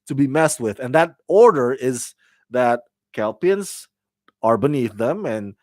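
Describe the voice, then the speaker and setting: A man's voice: medium pitch, animated, unhurried, darkish tone, dry recording. A man reviewing a TV episode in casual chat, rambling with many restarts and fillers and laughing at his own slips. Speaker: TV show reviewer.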